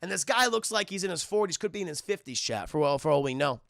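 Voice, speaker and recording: Gravelly, bright-voiced man recapping a cartoon. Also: fairly high pitch, fast, no echo, studio quality. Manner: animated, profane, recaps scenes with put-on voices. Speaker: streamer reviewing cartoons. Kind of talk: casual chat with live chat.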